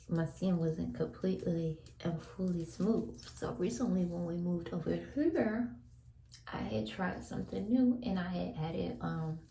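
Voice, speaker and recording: A woman's voice: lowish voice, creaky, warm tone, reverberant, slight background noise, low-quality recording. A young woman, whispering a laid-back, chatty vlog at home while she brushes her teeth and washes her face. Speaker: vlogger. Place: home bathroom.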